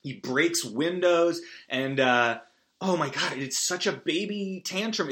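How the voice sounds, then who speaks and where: A man hosting a podcast, recapping a movie in a rambling, self-deprecating way with big animated swings. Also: fairly high pitch, takes it slowly. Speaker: podcast host.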